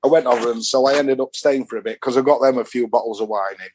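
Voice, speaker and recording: A man's voice: medium pitch, quick pace, darkish tone, slight background noise. Chatty Yorkshire man telling yarns. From England. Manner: rambling storyteller, chatty and broad. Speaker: guest, football fan. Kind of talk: casual anecdotal chat.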